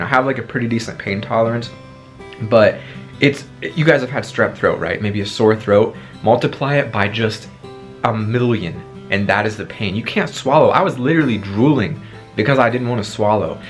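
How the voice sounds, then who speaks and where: A young man in his twenties with a fairly low voice tells a story to his viewers in a lively, dramatic way, acting out what he said back then. He is talking through a sore throat, and soft guitar music plays behind him. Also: fairly quick. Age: 20s. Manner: animated storytelling, acting out his own past lines. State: sore throat after tonsil surgery. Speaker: vlogger. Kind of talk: storytime vlog.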